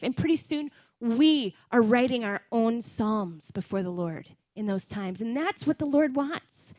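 Earnest woman preaching, higher voice. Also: lively intonation, a little slow, hardly any pauses, a little mellow, dry recording. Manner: earnest, conversational preaching with fillers. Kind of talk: sermon.

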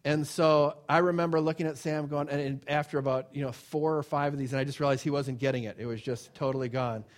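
A man's voice: a little high, fairly even intonation, fast talker. A man giving an informal sermon and telling a personal story. He acts out quoted voices, repeats phrases and often restarts his sentences. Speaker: preacher.

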